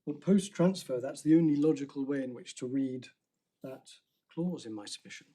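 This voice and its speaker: Guy doing legal argument in a courtroom, mellow low-key tone, careful and deliberate, lots of restarts. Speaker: barrister arguing an appeal. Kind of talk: formal courtroom submission.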